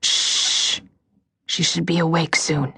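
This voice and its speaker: A woman doing a breathy, anxious whisperer. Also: low voice, level tone, slow, pushed and bright, no room sound, exaggerated voice. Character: nervous breathy young woman whispering secrets.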